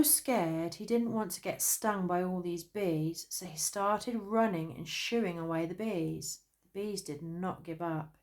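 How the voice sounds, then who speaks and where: A woman narrating a children's storybook in an expressive storytelling manner. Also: lowish voice, slow pace, few pauses.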